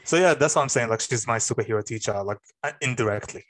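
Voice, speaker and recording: A young man co-hosting a casual podcast, his voice sitting at an ordinary middle pitch. He tells stories with lively energy, swearing freely and slipping into other people's voices as he goes. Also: quick pace. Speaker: podcast co-host. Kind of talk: casual storytelling chat.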